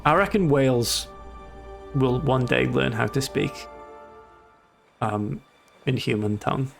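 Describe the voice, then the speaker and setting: A man's voice: mid-range voice, slow, gravelly. A Welsh man from Wales streaming a game, rambling and joking in casual commentary. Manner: rambling, jokey banter. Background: game music.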